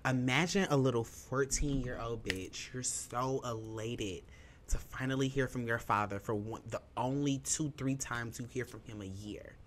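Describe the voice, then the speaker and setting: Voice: medium pitch, moderate pace, slight background noise. A young adult podcast host telling a personal story, candid, emphatic and profane, heavy on fillers, emotional and holding back tears.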